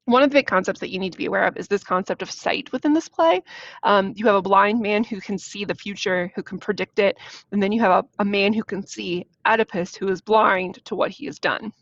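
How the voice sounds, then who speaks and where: A woman's voice: mid-range voice, fairly quick. A woman teacher giving a casual literature lesson, explaining a play in loose, chatty paraphrase. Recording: dull, dry lo-fi recording.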